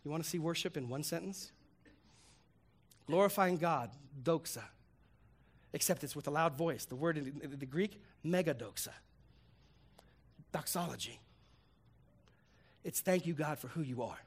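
A male pastor preaching a lively, humorous sermon, swinging between loud punchlines and hushed reflective lines. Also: fairly high pitch, measured pace, pauses often. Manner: animated, humorous, acts out voices.

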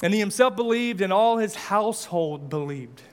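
A man's voice: high-pitched, expressive, moderate pace, clean tone. A male pastor preaching a sermon, impassioned, with repeated rhetorical questions and casual asides.

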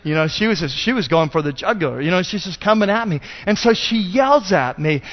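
A man's voice: sits high, animated, brisk. A male pastor telling a self-deprecating story in a rambling, conversational sermon. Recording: dull lo-fi sound.

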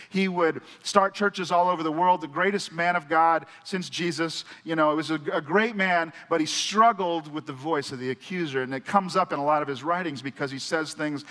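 A man's voice: fairly high pitch, pushed and bright. Earnest male pastor in a reverberant church. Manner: earnest, conversational storytelling. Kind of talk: sermon. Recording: church hall with long reverb.

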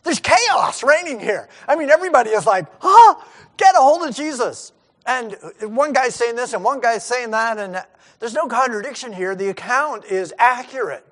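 Male pastor, high and swooping voice, animated storytelling sermon. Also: normal speed. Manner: animated, acts out the disciples' panic in asides.

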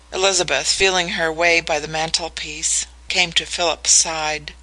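An audiobook narrator reading a novel in a measured, even way. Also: medium pitch, low-quality recording. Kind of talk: scripted narration.

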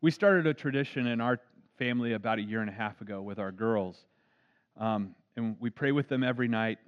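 A man's voice: medium pitch, a little fast. A man, a pastor, preaching an earnest storytelling sermon. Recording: dull lo-fi recording.

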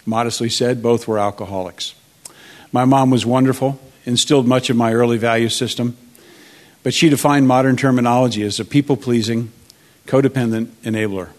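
A man's voice: medium pitch, fairly even intonation. A man in his sixties, speaking earnestly and measuredly as he prays and tells his life story at a church marriage event. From United States. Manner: earnest, measured, with frequent uh fillers. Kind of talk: testimony and prayer.

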